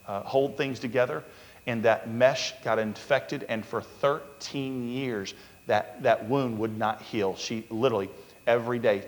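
Male pastor preaching, storytelling, goes loud then real quiet, long church reverb. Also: medium pitch. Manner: storytelling, swings from loud urgency to hushed near-whisper. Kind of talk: sermon.

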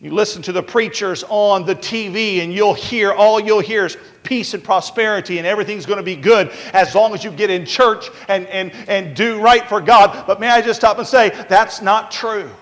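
High-voiced preacher man in a reverberant hall. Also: normal speed, few pauses, fairly bright tone. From United States. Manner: conversational storytelling preacher, many fillers, builds to emphatic peaks. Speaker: pastor. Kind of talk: sermon.

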